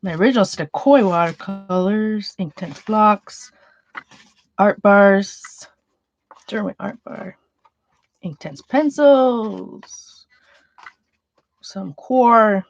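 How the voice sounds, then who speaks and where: A woman's voice: medium pitch, slow pace, vocal fry, long pauses, dry recording. Rambly woman going through her art stuff, mid voice, kinda dull lo-fi sound. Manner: rambling, chatty, trailing off and restarting. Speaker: art journaling vlogger. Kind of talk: casual chat while sorting art supplies.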